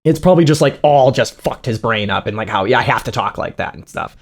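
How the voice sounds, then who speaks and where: A man's voice: medium pitch, expressive, fast. Profane man mocking what he reads. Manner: profane, mocking, laughs often. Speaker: streamer reacting to videos. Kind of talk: casual reaction commentary.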